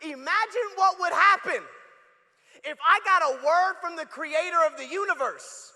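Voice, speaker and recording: A man's voice: very high-pitched, moderate pace, bright, forceful tone. A man preaching a sermon as a guest pastor in a church, joking with the crowd in a conversational way. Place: church sanctuary. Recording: long reverb of a large church hall.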